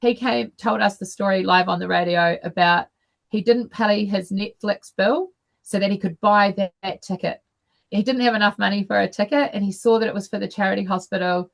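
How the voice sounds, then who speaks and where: A middle-aged woman tells a personal story to an online meeting over a video call, unhurried and full of fillers and restarts. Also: medium pitch, steady tone, vocal fry. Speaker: guest speaker.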